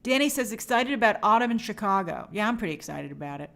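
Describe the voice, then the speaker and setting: A woman's voice: medium pitch, fast talker, gravelly. A woman hosting a casual livestream, reading viewer comments aloud and answering them chattily. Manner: animated, bubbly sign-offs. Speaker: host.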